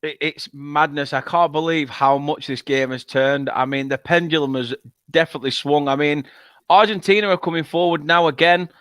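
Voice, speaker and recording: Excitable football fan, dry close mic. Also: male voice, on the high side, normal speed, clear, resonant tone, no room sound. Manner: excitable, swears when frustrated. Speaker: fan channel co-host. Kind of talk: live watchalong commentary.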